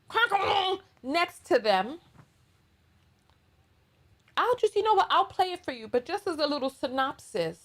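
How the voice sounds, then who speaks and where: Brief: middle-aged New York woman, high voice, slow, emphatic drawl, blunt sassy commentary host. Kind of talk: reaction commentary monologue.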